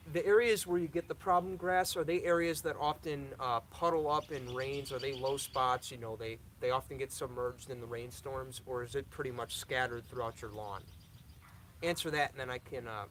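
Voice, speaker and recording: A man's voice: mid-range voice, fairly even intonation, moderate pace, a bit bright, a little hiss or hum, poor audio. A young man hosting a live stream, reading viewer questions aloud and answering them in a casual, repetitive way that stutters now and then. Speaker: lawn care channel host.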